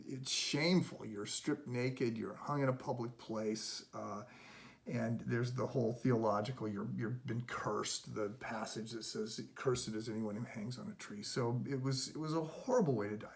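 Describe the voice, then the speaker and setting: Man, middle-aged pastor, earnest devotional talk, conversational, mid pitch. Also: vocal fry. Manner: earnest, conversational, repeats words as he restarts. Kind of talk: devotional sermon.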